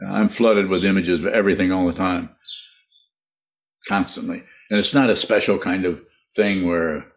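A man teaching meditation and answering listener questions, halting often and repeating words, with frequent laughs. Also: deep voice, steady tone, gravelly.

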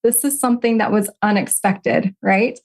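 A woman's voice: mid-range voice, fairly even intonation, moderate pace, gravelly. A middle-aged woman, a life coach and podcast guest, telling a personal story and teaching in an earnest, heartfelt way. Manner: earnest, heartfelt, gently instructive.

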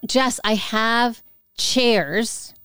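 A woman's voice: a little high, very slow, fairly bright tone, clean tone, no echo, studio quality. A woman co-hosting a podcast in casual chat, earnest and rambling, often correcting herself mid-sentence. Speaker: podcast co-host.

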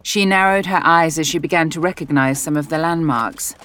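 An audiobook narrator reading a romance novel in an even, measured storytelling voice. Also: mid-range voice.

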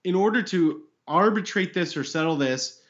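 A man's voice: sits high, animated, moderate pace, lo-fi sound. A man co-hosting a podcast in casual banter, joking, laughing often and swearing. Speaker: podcast co-host.

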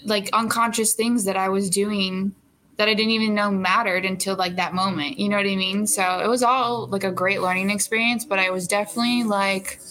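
A young actress as an interview guest, chatting casually with lots of fillers and frequent laughter. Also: female voice, mid-range voice, steady tone, brisk, a bit bright.

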